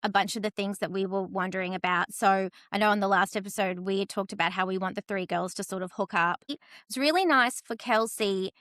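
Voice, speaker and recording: A woman's voice: mid-range voice, a little fast, fairly bright tone, no echo, studio quality. A woman hosting a podcast, steering the casual chat with thoughtful, chatty commentary. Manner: chatty, thoughtful, leads the talk. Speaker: podcast host.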